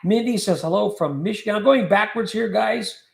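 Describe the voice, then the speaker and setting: In an echoey room, a man with a high voice and vocal fry hosts a livestream at a moderate pace. He chats casually, cracks jokes, and reads viewer comments out loud.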